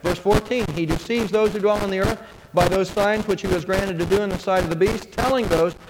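A man's voice: sits high, fairly quick. A male pastor preaching a sermon to his congregation, asking rhetorical questions and answering them himself. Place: church sanctuary. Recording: hall reverb with clear background noise.

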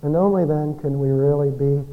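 A man preaching a Christmas sermon, telling a story and swinging between loud peaks and hushed endings. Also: a little high, steady tone, moderate pace, narrow, tinny audio. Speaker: pastor.

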